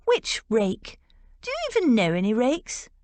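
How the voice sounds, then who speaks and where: A woman's voice: fairly high pitch, wildly swooping pitch, unhurried, darkish tone, dry recording, pitched above the performer's own voice. A woman voicing an arch, teasing young Regency lady with a blunt wit.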